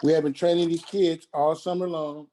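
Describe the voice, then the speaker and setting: A middle-aged man, telling his own story on a radio show, halting and restarting as he acts out what others said. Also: a little high, level tone, warm tone. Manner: halting, repeats and restarts, quoting others in dialogue.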